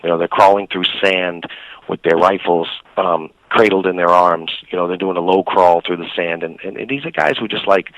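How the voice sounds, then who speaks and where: A man's voice: deep voice, moderate pace, a bit bright, no room sound, low-quality recording. A man, an actor guest, recalling a memory in an interview, hesitant with many fillers. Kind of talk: reflective interview storytelling.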